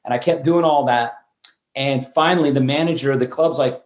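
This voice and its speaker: A man in his fifties, a guest on an interview show, telling stories in a lively way and often restarting words mid-sentence. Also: mid-range voice, fairly quick. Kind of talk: storytelling interview chat. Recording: roomy echo.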